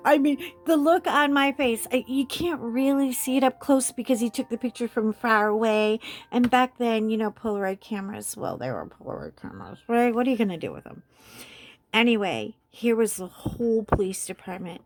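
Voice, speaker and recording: A woman hosting a coloring chat, telling a story casually with animated delivery and frequent laughter. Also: on the high side, normal speed. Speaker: host.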